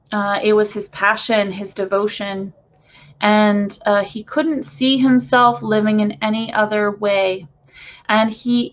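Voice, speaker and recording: A woman's voice: medium pitch, dull audio. A woman channeler talking to viewers in a casual, gushing way with lots of fillers, recorded in her bedroom. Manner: excitable, gushing, many fillers. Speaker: spiritual channeler.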